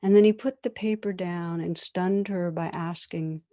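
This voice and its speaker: A woman meditation teacher giving a dharma talk, telling a story in a calm, measured, gentle way. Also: fairly low pitch.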